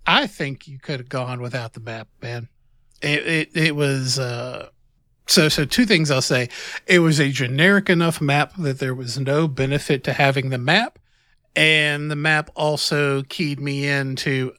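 A man's voice: medium pitch, measured pace, pushed and bright, no echo, clean studio sound. A man co-hosting a casual podcast chat, wry and joking. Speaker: podcast co-host.

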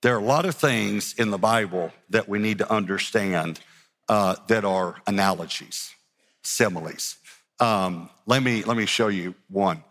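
Speaking unhurriedly in a big hall, this man's voice sits fairly low with a touch of brightness. He's a pastor giving a theatrical sermon, voicing Bible characters as he acts out scenes and often starting sentences over, repeating words along the way.

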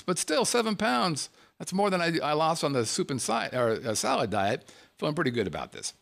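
A man's voice: fairly high pitch, very animated, normal speed, gravelly, a bit bright. A man telling a casual story in a monologue, joking at himself and swearing freely.

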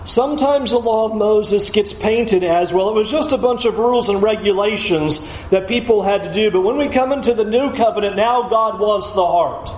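A man's voice: high voice, normal speed, hardly any pauses, echoey room, poor audio. A man preaching a sermon as a pastor, emphatic, repeating key phrases for stress.

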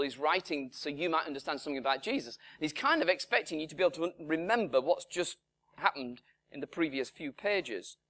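A middle-aged man preaching a sermon in a conversational way, acting out little dialogues and dropping to hushed tones. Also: on the high side. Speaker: pastor.

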